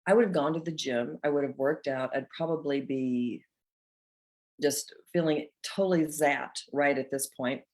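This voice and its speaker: Low-voiced woman, heartfelt motivational host. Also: moderate pace, a little mellow. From North Georgia, USA. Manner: earnest, heartfelt storytelling. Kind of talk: motivational talk to viewers.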